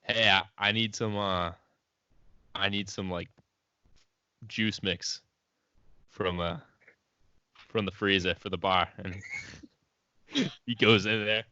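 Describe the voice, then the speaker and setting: Low, bright-toned young man joking. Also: fairly even intonation, slow pace, pauses often, smooth, no echo. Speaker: podcast co-host. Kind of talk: casual storytelling chat. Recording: dry, dull lo-fi audio.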